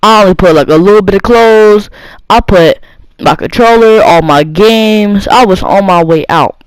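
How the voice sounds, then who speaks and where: A man's voice: sits high, normal speed, clear, resonant tone, dry recording, low-quality recording. A young teenage boy telling a rambling personal story, with lots of fillers and restarts. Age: young teen. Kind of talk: casual storytime monologue.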